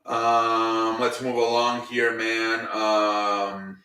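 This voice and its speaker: A man's voice: fairly low pitch, completely flat delivery, drawn-out words, pushed and bright. A man casually recapping a wrestling show, rambling with lots of fillers and swearing freely. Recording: roomy, mic at a distance.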